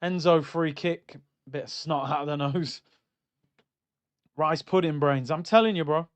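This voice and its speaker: A young man reacting live to a football match on stream, swinging between loud outbursts and low muttering. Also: unhurried, smooth. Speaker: watchalong streamer.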